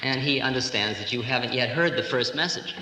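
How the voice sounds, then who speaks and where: A man in his forties gives a spiritual talk to a live audience in a lecture hall, telling stories with a chuckle in his voice. The old recording rings with long hall reverb and a steady hiss underneath. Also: medium pitch, brisk. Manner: humorous, storytelling, chuckling. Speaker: spiritual teacher.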